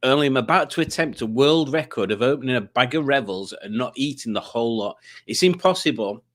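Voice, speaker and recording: A man voicing a pompous male cartoon villain, a little lower than his own voice. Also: animated, fairly quick, fairly bright tone.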